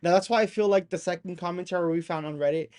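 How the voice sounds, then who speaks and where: A man hosting a compilation, giving excited casual commentary over video clips and calling the viewers "y'all". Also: high voice, quick pace. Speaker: compilation host.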